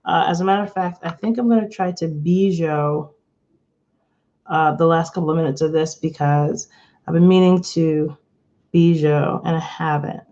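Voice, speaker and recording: Here a grown woman reads tarot live, chatting, giggling and wandering between her cards and viewers. Her low, warm voice keeps a fairly even intonation at normal speed, captured by a phone or webcam from below in slightly dull lo-fi stream audio.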